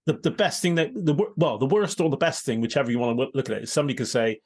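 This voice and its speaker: A man hosting an interview, swapping lively anecdotes with his guest and laughing often. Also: mid-range voice, rapid-fire, slightly rough. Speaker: interviewer, host. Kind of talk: casual conversational storytelling.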